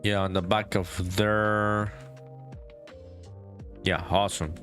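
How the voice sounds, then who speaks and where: Laid-back profane game dev streamer. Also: male voice, fairly low pitch, flat delivery, slow, fairly bright tone, faint music behind. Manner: profane, laid-back, reads chat aloud while working; calls viewers "dude". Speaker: solo indie game developer streaming live. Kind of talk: casual live-stream chat.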